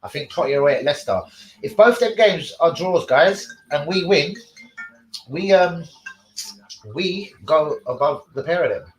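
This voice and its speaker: A man hosting a casual live stream, sweary and excitable, talking to his chat about football. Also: a little high, normal speed, echoey room, faint music behind, rough recording.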